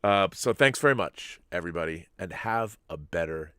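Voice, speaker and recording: A man hosting a casual live-stream chat, rambling and animated, restarting his sentences, a little giddy and loopy. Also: sits low, normal speed, clean tone, no room sound. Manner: rambling and animated, self-interrupting. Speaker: show host.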